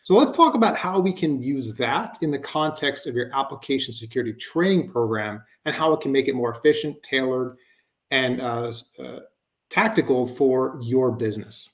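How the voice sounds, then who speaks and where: A man's voice: mid-range voice, moderate pace. A man giving a conversational webinar presentation, explaining with frequent fillers like "you know" and "um.".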